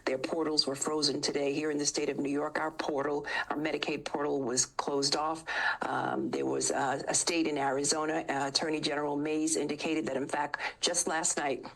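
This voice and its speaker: A middle-aged woman who is a state attorney general, answering questions in a televised news interview in a measured, formal way, listing points with frequent ums. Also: low-pitched, level tone, creaky, rough recording.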